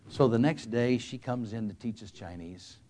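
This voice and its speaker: A man's voice: medium pitch, normal speed, dark tone. An older man, a retired pastor, telling a story in a sermon, earnest and emphatic with frequent restarts.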